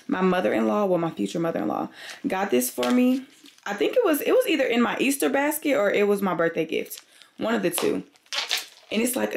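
A woman's voice: medium pitch, vocal fry, darkish tone, slight background noise. A woman vlogging casually to the camera from her bedroom, chatting with viewers and calling them y'all. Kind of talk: casual vlog chat to camera.

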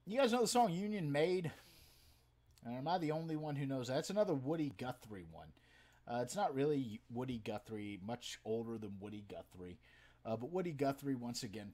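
A man telling stories to a live stream from his home den, profane and animated, swinging from loud outbursts to low mutters. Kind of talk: casual storytelling to a live chat. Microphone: webcam setup.

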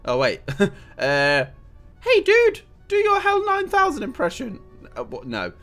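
A young man commentating on his own gameplay, loud and joking, laughing and swearing as he plays. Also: very high voice, huge pitch swings, unhurried, soft background music. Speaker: gaming video host. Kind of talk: let's play commentary.

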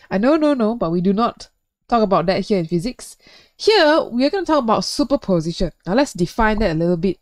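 Playful, lively woman physics teacher. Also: mid-range voice, brisk, dry recording. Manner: playful, chatty, jokes and asks the viewer questions. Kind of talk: recorded video lesson.

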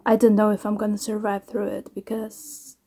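A woman, a singer, talking casually to camera in a reaction vlog, halting, restarting and trailing off as she reflects. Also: mid-range voice, completely flat delivery, warm tone, husky.

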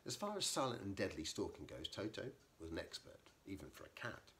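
A man with a low voice reads a children's storybook aloud, lively and expressive. His pitch rises and falls widely as he narrates. A faint hiss of the room sits behind him. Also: a little fast. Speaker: narrator, author. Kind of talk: storybook reading.

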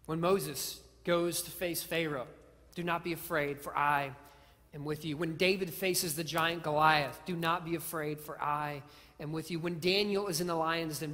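Preacher in an echoing church. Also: male voice, on the high side, bright, forceful tone. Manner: earnest storytelling with self-deprecating humor; repeats phrases and restarts words. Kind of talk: sermon. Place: church sanctuary. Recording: long hall reverb.

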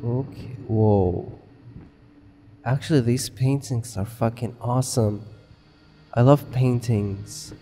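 A man's voice: medium pitch, slow pace, pauses often, dark tone, faint music behind. A man giving casual, rambling let's play commentary on a horror game, swearing constantly and mocking himself. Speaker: gamer.

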